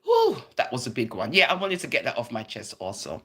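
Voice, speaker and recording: A woman's voice: very deep voice, wildly swooping pitch, brisk, fairly bright tone, breathy edge. A middle-aged woman with a Jamaican accent in a casual monologue rant, emphatic and preachy, drifting between Patois and English. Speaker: vlogger.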